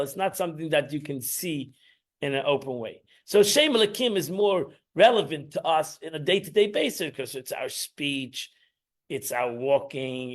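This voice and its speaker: A man, teaching an informal Torah class in a rambling, emphatic way, restarting and repeating himself. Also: high voice.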